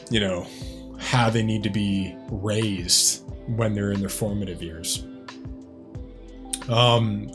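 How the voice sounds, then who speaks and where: A man hosting a music reaction video, talking in a rambling, reflective way, full of "like" and "um". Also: mid-range voice. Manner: rambling and reflective, heavy use of "like" and "um". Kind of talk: casual reaction commentary.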